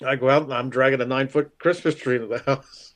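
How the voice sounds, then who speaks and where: A man's voice: medium pitch, steady tone, fast talker. A man, a show regular, telling a long self-deprecating story in casual chat, rambling and chuckling. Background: faint music.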